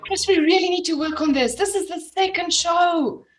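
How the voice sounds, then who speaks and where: A woman's voice: very high-pitched, moderate pace, music in the background. A woman co-hosting a playful business show over a video call, teasing and a little bossy. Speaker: co-host.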